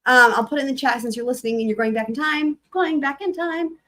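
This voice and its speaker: A woman hosting a live stream, reading court filings aloud and commenting on them in a chatty, animated way. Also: a little high, very fast, low-quality recording. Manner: chatty, animated, breaks into sung snippets.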